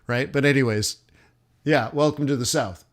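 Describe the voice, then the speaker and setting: A man talking loosely on a live trading stream, drifting between thoughts. He rambles with plenty of fillers and false starts. His voice sits at an ordinary middle pitch. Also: normal speed. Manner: rambling, chatty, many fillers and restarts. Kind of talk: casual livestream chat. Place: southern United States.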